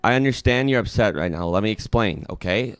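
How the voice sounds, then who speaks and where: A man hosting a comedic call-in show skit, talking in an awkward, evasive deadpan. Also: on the low side, brisk, clear, resonant tone.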